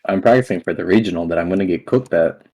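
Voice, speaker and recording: A man's voice: sits low, fast, dark tone, low-quality recording. A young man playing in a tabletop game, chatting in a joking, slangy way and swearing freely. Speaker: player. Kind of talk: casual chat during a tabletop game.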